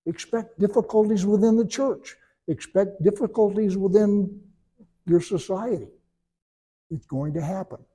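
A man giving a sermon in a relaxed, conversational way, telling stories and breaking into animated voiced asides. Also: high voice, slightly rough. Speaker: preacher.

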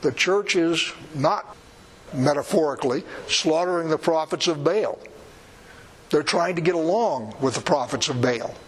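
Man preaching, higher-pitched and conversational. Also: expressive, a little slow, a little hiss or hum, low-quality recording. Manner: conversational, emphatic, with wry asides. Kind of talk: sermon.

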